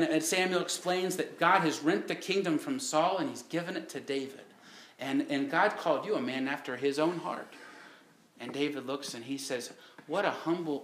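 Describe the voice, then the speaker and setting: A man's voice: fairly high pitch, fairly bright tone, echoey room. A man preaching a sermon, telling the story in a folksy way with rhetorical questions.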